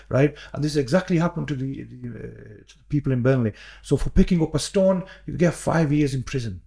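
An earnest man talks through a podcast conversation, circling back and repeating himself as he builds his point. His voice carries a gravelly, fried edge, and the tone sits dark and mellow. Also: mid-range voice, a little fast, hardly any pauses. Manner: earnest, repeats words, many fillers and restarts. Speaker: podcast guest, imam.

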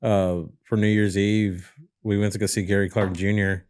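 A man, a podcast host, talking in an unhurried, reflective way in casual chat. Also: fairly low pitch, level tone, a little mellow.

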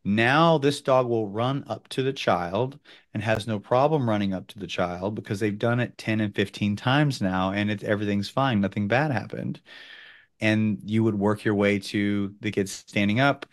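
A lower-pitched man walks through dog training steps in relaxed, instructional talk. He is animated and jumps up into loud exclamations when he acts out a scene. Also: normal speed. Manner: animated, bursts into loud quoted outbursts.

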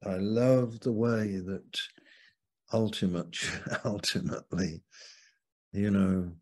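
A man preaching as a Bible teacher over a video call, slow and fervent, leaning hard on key words. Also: on the low side, a little mellow, slightly rough.

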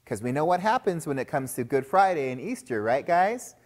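A man's voice: on the high side, very animated, fairly quick. A man giving a chapel sermon to school children, telling a story and often calling them guys. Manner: storytelling, addresses listeners as guys.

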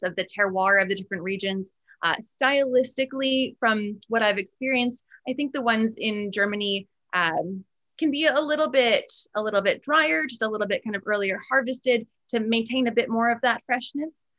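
A woman sommelier talking about wine in a thoughtful, measured way, with frequent hesitant fillers. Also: a little high, a bit bright, muffled recording. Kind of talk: casual tasting chat.

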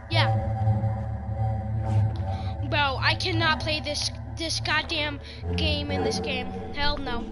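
A woman's voice: high voice, fairly even intonation, slow, long pauses, over loud music. A young woman chatting casually while playing a horror game, jumpy and slangy, shrieking when scared. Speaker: gamer. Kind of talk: casual gaming chat.

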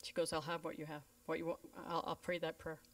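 A woman's voice: low-pitched, fast talker. A woman pastor, telling stories in a sermon and acting out the voices of the people in them. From Canada. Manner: lively storyteller who voices the people in her stories. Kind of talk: storytelling sermon. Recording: voice a bit distant from the mic.

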